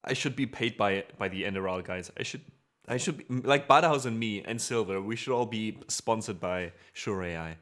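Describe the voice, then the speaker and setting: A man's voice: lowish voice, moderate pace, fairly bright tone. A man with a German accent, a native German speaker hosting a music livestream, chatting casually with viewers in an upbeat way and laughing often. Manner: upbeat, laughs often while reading out chat.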